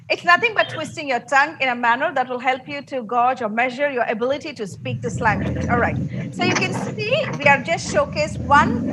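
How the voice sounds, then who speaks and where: A woman teaching an interactive online English class in an upbeat, encouraging way. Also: sits high. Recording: noisy online class audio.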